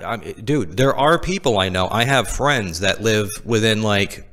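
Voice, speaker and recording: A man's voice: on the low side, measured pace, few pauses, fairly bright tone. Blunt, teasing New England man. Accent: light New England. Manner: teasing, blunt, swears freely. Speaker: podcast co-host. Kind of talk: casual chat.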